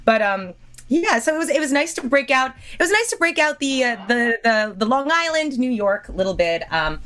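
A woman voice actor chats casually on a podcast. Her pitch swoops all over the place, and she tumbles through restarts with frequent laughs. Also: normal speed. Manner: animated, laughing, chatty with restarts. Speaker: voice actor guest.

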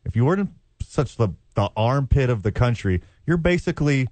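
A man's voice: mid-range voice, lively intonation, fairly quick, darkish tone, no echo. A man co-hosting a sports radio show, teasing the others with sarcastic quips. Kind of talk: joking radio banter.

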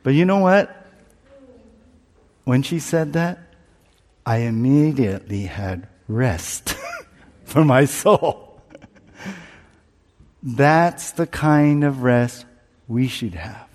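A man's voice: mid-range voice, animated, very slow, long pauses, darkish tone. A man preaching a sermon, telling a candid personal story with self-mocking humour and acting out his own panic. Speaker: pastor. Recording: long reverb, as in a large hall.

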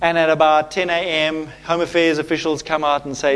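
A man preaching a sermon as pastor to a live congregation. He talks in an animated way and keeps checking in with "okay?". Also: a little high, fairly quick, few pauses.

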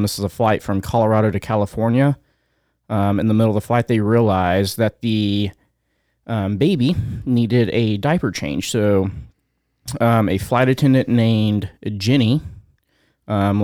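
A man with a fairly low voice reads a news story to his co-host. His delivery is halting and full of fillers, and he gets choked up along the way. The sound is dry and close. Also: darkish tone, smooth, no echo. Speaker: podcast co-host. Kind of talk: casual chat, reading a news story.

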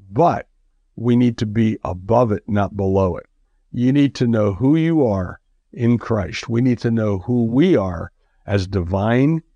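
An earnest man delivers a radio sermon, urging and repeating his points. The recording is dry and close, with no room sound. His pitch is mid-range. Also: darkish tone, no echo, highs cut off. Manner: earnest, repetitive exhortation. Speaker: preacher.

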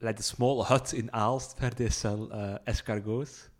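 A man's voice: fairly low pitch, steady tone, unhurried. A man, a podcast co-host in casual chat, making dry, teasing quips.

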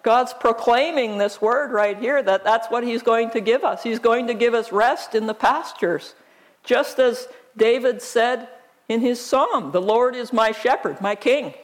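Sex: woman. Role: pastor. Style: slow, conversational sermon with scripture reading and rhetorical questions. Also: on the high side.

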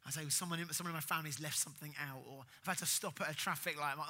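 Earnest, bright-voiced male preacher. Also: fairly high pitch, fairly even intonation, quick pace. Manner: earnest, emphatic, rising for stress then dropping soft. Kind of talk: sermon.

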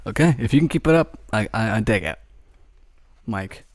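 A man's voice: fairly low pitch, expressive, moderate pace, no echo. A man hosting a casual script read, chatty and profane with loose restarts. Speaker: script reading host. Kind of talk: casual chat and script narration.

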